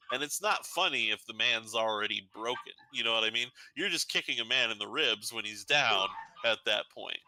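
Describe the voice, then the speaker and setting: A man's voice: mid-range voice, pushed and bright, no echo, rough recording. A man on a livestream, chatting casually and rambling with many fillers. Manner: rambling, filler-heavy, laughing asides. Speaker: co-host. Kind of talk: casual stream chat.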